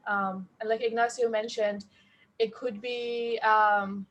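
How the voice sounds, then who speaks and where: A woman co-hosting a webinar, explaining in a measured, guiding way with some fillers. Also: fairly high pitch, little pitch movement, a bit bright, muffled recording, slight background noise. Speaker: webinar co-host.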